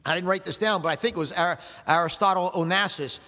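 A man's voice: high voice, quick pace, pushed and bright, big-room sound. A man from South Jersey preaching in a folksy, rambling storytelling way, dropping "amen" between anecdotes. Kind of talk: storytelling sermon.

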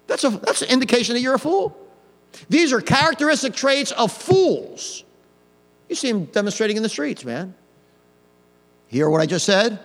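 A man preaching an old-fashioned hellfire sermon, swinging from quiet to loud with mocking asides. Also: high voice, animated, normal speed, in a large hall. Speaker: pastor.

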